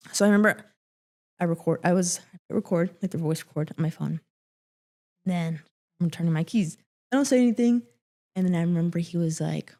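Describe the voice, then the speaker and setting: A young woman sharing a painful personal story, halting with many fillers and restarts, often dropping to a quiet voice. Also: on the low side. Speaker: guest.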